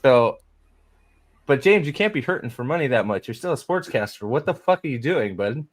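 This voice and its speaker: A middle-aged man from California chatting casually as a streamer and podcast host, excitable and profane, rambling with many restarts. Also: mid-range voice, fairly quick. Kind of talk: casual chat.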